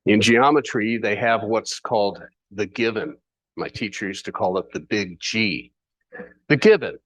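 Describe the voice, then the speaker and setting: A man's voice: lowish voice, a little slow, no echo. A man teaching a sermon in a conversational way, with playful asides and rhetorical questions. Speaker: Bible teacher.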